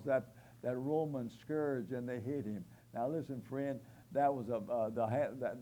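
A male preacher delivers a dramatic sermon, telling the story in vivid detail. His voice sits at a middle pitch and swells suddenly into loud, forceful bursts before sinking back to a quieter tone. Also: rough recording.

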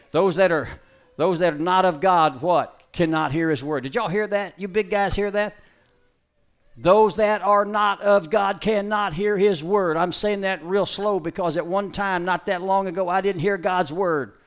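A man with a drawl preaches from a stage, working a dog into his message. His voice sits a little high for a man. He is folksy and emphatic, dropping to quiet asides and then rising to loud calls. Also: clean tone. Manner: gives brisk dog commands. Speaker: preacher giving a dog-training demonstration. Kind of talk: live sermon demonstration. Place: stage before a live audience.

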